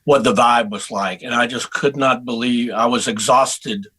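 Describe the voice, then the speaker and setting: A middle-aged man from Texas chats easily as a guest musician, circling back and restarting his sentences as the stories come. His voice has a bright, forward ring. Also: medium pitch, normal speed, breathy edge, rough recording. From Houston, Texas. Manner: relaxed storyteller with frequent restarts. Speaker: guest saxophonist. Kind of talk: casual interview chat.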